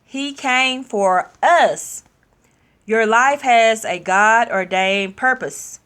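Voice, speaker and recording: A woman sharing a personal testimony in a sermon style, speaking openly and leaning slowly into her key phrases. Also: fairly high pitch, fairly bright tone, clean tone. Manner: slow, drawn-out emphasis, candid and personal.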